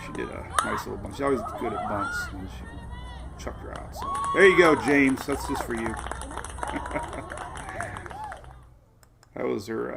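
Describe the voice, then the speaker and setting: Chatty excitable man with a gravelly voice. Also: medium pitch, very noisy. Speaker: weather show host. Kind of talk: casual live-stream chat.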